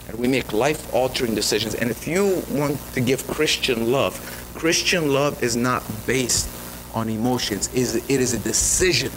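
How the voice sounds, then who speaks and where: A man's voice: medium pitch, slight background noise, low-quality recording. A male pastor preaching a sermon, telling a story with lots of energy and frequent restarts. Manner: animated storytelling with repeated restarts. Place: church sanctuary.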